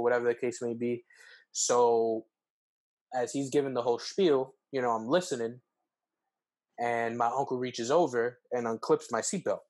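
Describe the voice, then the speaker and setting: A young man, co-hosting a podcast, telling a story casually with lots of fillers and jumping up in pitch when acting out quotes. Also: normal speed. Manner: animated, acts out quotes with pitch jumps, heavy fillers. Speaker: podcast co-host.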